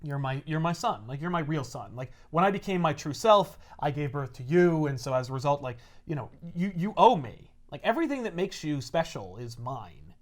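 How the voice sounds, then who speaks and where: A man voicing a calm, menacing villain father figure in an offhand, casual way, as a quoted bit in a chat. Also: fairly high pitch, normal speed, hardly any pauses. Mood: coolly threatening. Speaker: podcast host.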